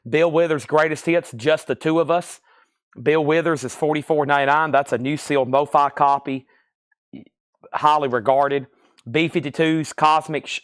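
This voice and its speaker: A man's voice: medium pitch, clean tone, dry recording, clean studio sound. A man hosting a live-stream record sale, reading out albums and prices in a chatty, rambling sales patter. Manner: chatty, reads prices, rambles between items.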